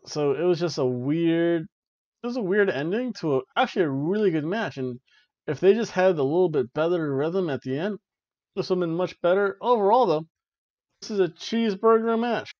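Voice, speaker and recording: A man's voice: sits high, lively intonation, normal speed, a little mellow, dry recording, muffled recording. A young man hosting a wrestling review podcast, giving casual, joking play-by-play with lots of fillers. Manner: rambling, joking, frequent "uh" and "like".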